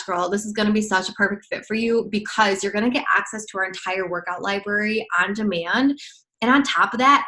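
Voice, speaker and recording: A woman's voice: mid-range voice, bright, forceful tone, low-quality recording. A woman coaching others on sales follow-up in a casual screen-share training, bubbly and gushing as she acts out chats with clients.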